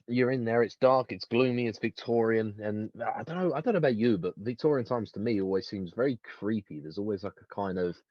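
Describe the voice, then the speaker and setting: Young guy on a podcast, lowish husky voice, dull dry lo-fi mic, acts out little bits. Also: no echo. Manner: animated storytelling with acted-out asides. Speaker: podcast co-host. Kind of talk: casual chat.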